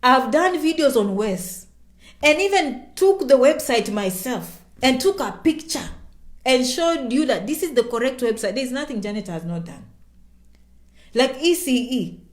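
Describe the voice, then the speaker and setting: This is a woman hosting a casual livestream Q&A, her voice sitting slightly high. She is emphatic and self-promoting, repeats phrases, and calls herself by name. The room gives her voice a noticeable echo. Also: measured pace. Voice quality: animated, emphatic repetition. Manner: chatty, self-promoting, speaks of herself in third person. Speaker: YouTuber answering viewer questions.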